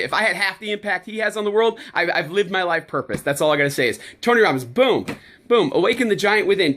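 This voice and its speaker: Fired-up man with a lively voice. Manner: fired-up, punchy, repeats "boom". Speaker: life coach. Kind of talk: motivational rant to camera.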